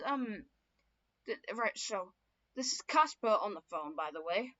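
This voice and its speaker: A woman's voice: a little high, animated, moderate pace, fairly bright tone. A young woman casually telling her own story lore, swearing often and stumbling through fillers and self-corrections. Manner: profane, rambling, many fillers and self-corrections. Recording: dull lo-fi recording.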